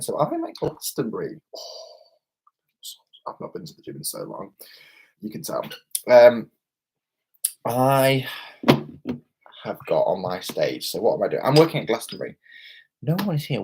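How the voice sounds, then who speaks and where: A man's voice: medium pitch, vocal fry, darkish tone, slightly rough. Tipsy British man rambling on a live stream. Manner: rambling, exclamatory, self-mocking. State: tipsy from beer. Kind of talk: casual live-stream chat. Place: hotel room.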